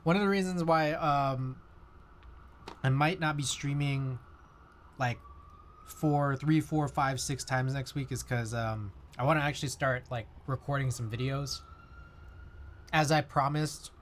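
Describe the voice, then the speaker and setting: A man's voice: medium pitch, a little slow, long pauses, slight background noise. A man chatting casually on his livestream, rambling with lots of fillers and answering chat. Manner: rambling, many fillers, reads chat aloud.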